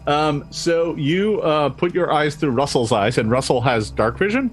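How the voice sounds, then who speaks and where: A man's voice: a little high, expressive, unhurried. A man running a tabletop game as game master, narrating scenes and laughing often.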